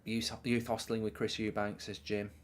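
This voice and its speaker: A man hosting a live football watchalong, rambling and self-mocking as he chats, often dropping into a quiet mumble. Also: lowish voice, little pitch movement, normal speed, a little hiss or hum. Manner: rambling, self-mocking, riffs on ideas and reads out viewer messages. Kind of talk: casual live commentary and chat reading.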